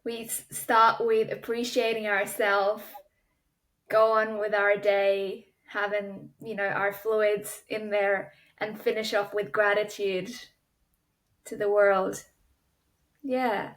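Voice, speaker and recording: A woman hosting an interview, asking measured questions and affirming her guest's answers. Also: medium pitch, flat delivery, fairly bright tone, poor audio. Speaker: interview host. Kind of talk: conversational interview.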